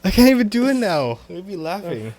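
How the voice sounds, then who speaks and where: Co-host on a video call, animated up-and-down voice, quick to laugh and tease. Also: medium pitch. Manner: laughing, teasing, quick to break up. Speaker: podcast co-host. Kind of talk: casual chat.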